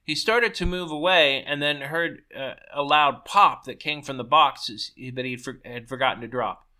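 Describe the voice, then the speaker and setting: A man's voice: medium pitch, normal speed, bright, forceful tone. A man reading his own story aloud, stumbling and correcting himself as he goes.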